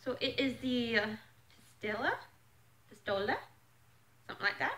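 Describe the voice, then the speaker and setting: A woman vlogging as she unboxes a clothing subscription box, chatting casually and gushing with excitement. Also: high voice, racing, rough recording.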